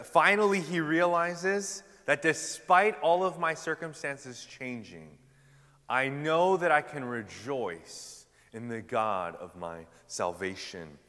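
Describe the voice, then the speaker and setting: Young male preacher, casual and animated, forceful bright tone, sermon in a reverberant hall. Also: medium pitch. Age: young adult. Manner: animated storytelling, loud punchlines, casual fillers. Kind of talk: sermon with personal stories.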